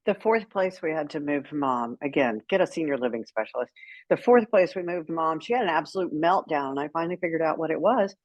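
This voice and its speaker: Middle-aged woman guest with a husky voice, animated and candid, recorded dry. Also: deep voice, fairly quick, dry recording, muffled recording. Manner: animated, acts out quoted dialogue with laughs. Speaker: guest, author. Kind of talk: candid conversational storytelling.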